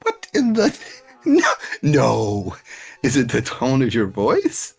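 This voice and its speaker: A woman's voice: a bass voice, wildly swooping pitch, slow, vocal fry, a little mellow, breathy edge, soft background music. A woman streaming a game, chatting casually, teasing and coaxing her companion and often breaking into laughter. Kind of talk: casual live-stream chat while playing.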